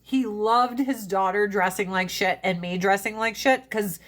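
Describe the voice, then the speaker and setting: A woman's voice: medium pitch, a little slow, a bit bright. Profane, laughing woman chatting on a live stream. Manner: profane, laughing, mimics family in funny voices. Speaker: livestream host. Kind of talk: casual chat on a live stream. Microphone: phone.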